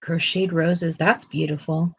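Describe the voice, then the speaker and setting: A woman's voice: low voice, flat delivery, unhurried, husky, no room sound, poor audio. A woman co-hosting a casual art livestream, chatting in a self-deprecating way and laughing often, and now and then cooing to her pet. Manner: cooing baby talk to a pet.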